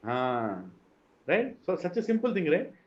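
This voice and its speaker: Indian male teacher, slightly high voice, lecture style with chanted verses and questions, muffled recording. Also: big pitch swings, measured pace. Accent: Indian English. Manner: chants Sanskrit verses, asks the class questions. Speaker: spiritual teacher. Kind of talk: scripture class lecture.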